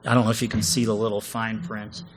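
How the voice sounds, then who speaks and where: A man's voice: lowish voice, monotone, fast, rough recording. A man co-presenting a comedic conference session, chatty and jokey, often asking the audience questions.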